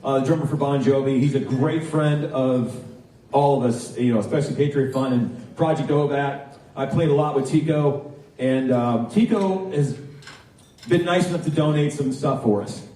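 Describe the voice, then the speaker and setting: A man running a live charity auction, joking with the crowd and calling bids quickly. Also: mid-range voice, warm tone. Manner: joking, chatty, rapid bid calling. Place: large banquet hall. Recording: very echoey, distant from mic.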